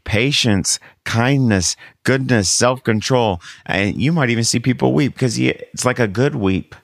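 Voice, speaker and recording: A man's voice: medium pitch, measured pace, vocal fry. A male pastor, a guest on the show, telling his testimony in a rambling, conversational way with lots of fillers. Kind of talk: storytelling testimony in casual chat.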